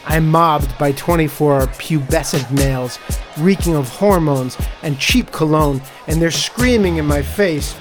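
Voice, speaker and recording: A man's voice: on the high side, a little slow, music in the background. A man who is a teacher, telling a personal story in a theatrical, vivid way.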